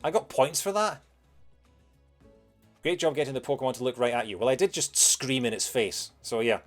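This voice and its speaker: Faint music plays behind a young British man as he casually commentates on his video game at a normal pace. His voice sits at medium pitch, and he wanders from topic to topic, packing in fillers while responding to chat.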